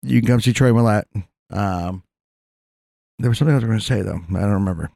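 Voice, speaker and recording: A man's voice: on the low side, fast talker, creaky, dark tone, no room sound. Dry, laid-back podcast guy. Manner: laid-back, stammering restarts, laughs easily. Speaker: podcast co-host. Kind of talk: casual profane banter.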